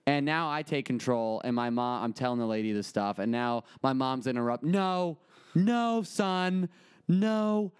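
Young guy on a podcast, animated storyteller, smooth clear voice, dry close mic. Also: fairly quick, few pauses, no echo. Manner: animated, acts out his mother in a high yelling voice. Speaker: podcast co-host. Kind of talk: casual comedic storytelling.

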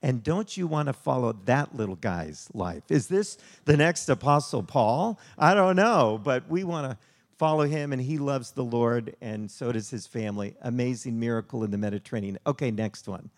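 A man preaching a sermon to a congregation, telling a story in an animated, conversational way. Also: medium pitch, normal speed. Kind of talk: sermon with slide show.

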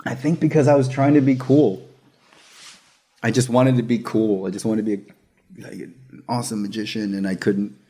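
A man telling a story in casual chat, animated, laughing often and acting out the voices of the people in it. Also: lowish voice, normal speed, long pauses, slightly rough.

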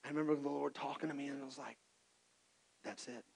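A man from Texas, telling his own story in an animated, self-mocking sermon with lots of restarts. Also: mid-range voice, racing, vocal fry, slightly rough. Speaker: preacher.

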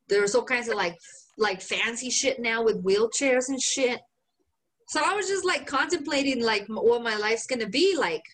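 This woman's pitch is fairly high and her speed normal. As a podcast co-host, she narrates a story through casual, cursing banter, full of energy and acting out the quotes.

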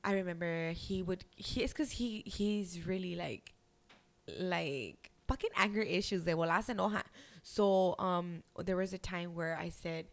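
A woman's voice: medium pitch, normal speed. Casual bilingual woman, swearing freely. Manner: swears freely, switches between English and Spanish. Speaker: podcast co-host. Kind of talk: casual chat.

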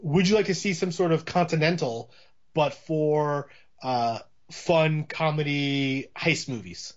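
A man's voice: a little high, slow. Rambling man with a dull lo-fi sound. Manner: rambling, many restarts and fillers. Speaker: podcast co-host. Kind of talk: casual movie discussion. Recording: dull lo-fi audio.

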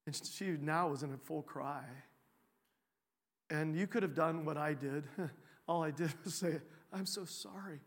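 A man preaching a sermon, telling a personal story in a relaxed, conversational way with frequent fillers and restarts. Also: fairly high pitch, normal speed, big-room sound. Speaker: pastor.

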